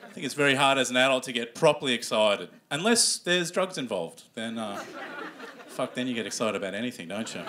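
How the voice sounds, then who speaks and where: Lively comedian hosting a live show. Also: male voice, medium pitch, brisk. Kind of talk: stand-up comedy. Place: comedy club stage before a live audience. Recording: live room with audience noise.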